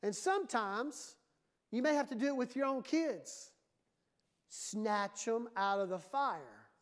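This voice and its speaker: This female pastor's voice sits a little high and stays animated while she takes her time. Delivering a sermon in church, she mixes emphasis with a conversational tone and often performs the voices of those she quotes.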